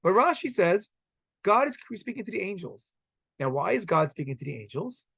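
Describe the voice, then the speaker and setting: A man teaching a Torah class to a room of students, animated and firing rhetorical questions at them. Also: high-pitched, no room sound. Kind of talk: classroom lesson.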